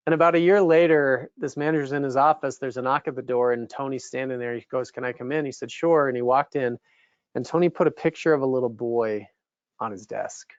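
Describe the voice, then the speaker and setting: Animated male motivational speaker. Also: medium pitch, no room sound. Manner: animated storyteller, voices quoted characters. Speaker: keynote speaker. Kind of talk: motivational speech with storytelling. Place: event venue. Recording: dull, slightly muffled dry recording.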